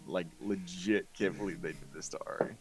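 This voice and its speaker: A man's voice: low-pitched, fairly even intonation, a little fast, darkish tone. A man chatting as a guest, rambling with lots of fillers. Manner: rambling, filler-heavy, laughing easily. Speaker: guest player. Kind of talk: casual podcast chat.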